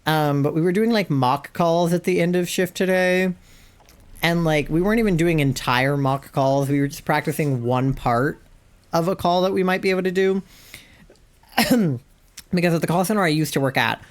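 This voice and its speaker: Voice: medium pitch, moderate pace. A streamer chatting casually about their day while playing a video game, rambling with lots of fillers and asides.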